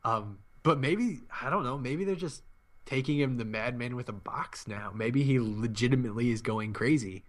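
A man's voice: mid-range voice, moderate pace. A man co-hosting a podcast in casual chat, tossing in joking asides. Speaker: podcast co-host.

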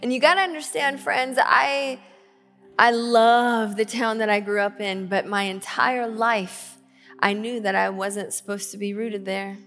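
A woman pastor in her thirties preaches from a church stage, her voice sitting a little high and moving at an unhurried pace. She reads scripture with weight and slips into easy personal storytelling. A long hall reverb and a faint band playing underneath surround her. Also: steady tone. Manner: conversational storytelling, scripture reading with emphasis. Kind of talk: sermon. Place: church sanctuary. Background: soft band music.

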